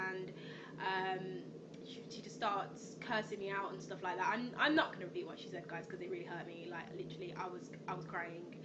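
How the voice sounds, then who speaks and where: A woman's voice: medium pitch, fairly quick, pushed and bright, muffled recording, slight background noise. A young woman rambling through a storytime vlog, with lots of ums and restarts. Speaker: vlogger.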